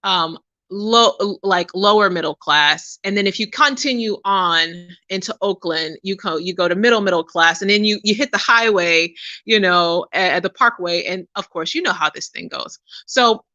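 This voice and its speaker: Podcast host, woman, bright and sharp tone, casual storytelling with lots of asides. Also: medium pitch, moderate pace, no echo. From Pittsburgh. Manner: conversational, many fillers and asides. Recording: dry, dull lo-fi.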